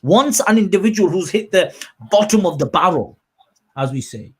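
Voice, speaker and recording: A man hosting a podcast in casual chat, animated and quick to act out quotes in a raised voice. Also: sits high, husky. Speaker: podcast host.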